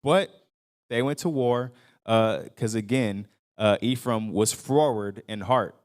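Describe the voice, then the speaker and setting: A man's voice: fairly low pitch, takes it slowly, darkish tone. A man teaching a Bible lesson to his congregation in a loose, conversational way, with lots of fillers and restarts, raising his voice to act out the people he quotes. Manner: acts out quoted speakers in a raised voice. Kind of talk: casual Bible study teaching.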